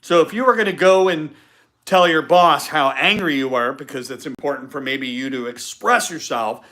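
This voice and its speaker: A man's voice: fairly high pitch, moderate pace, sharp tone. A man hosting a live-stream podcast, giving an emphatic motivational talk and repeating his key points. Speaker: podcast host.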